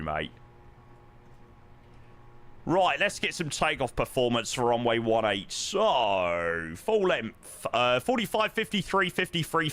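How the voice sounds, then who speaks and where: A man's voice: mid-range voice, fairly bright tone. A man, chatting casually with his live-stream chat while flying a sim, swearing now and then.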